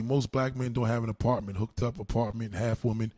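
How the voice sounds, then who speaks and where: A man's voice: medium pitch, steady tone, fairly quick, few pauses, mellow, dry recording. A man, ranting in a combative way at a livestream's comments, with heavy cursing, slang and repeated retorts. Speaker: livestream host answering comments.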